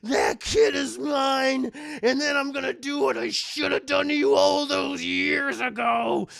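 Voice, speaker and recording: A man voicing a vicious, foul-mouthed killer doll who shouts snarling threats. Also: extremely high pitch, steady tone, unhurried, creaky, voice pushed up, exaggerated voice. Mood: menacing.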